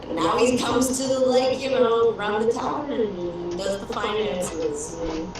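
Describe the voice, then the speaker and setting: A woman's voice: mid-range voice, measured pace, far from the mic, crowd noise. A woman player chatting casually at a tabletop game, talking in a chatty way that trails off. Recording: echoey room, off-mic, noise behind.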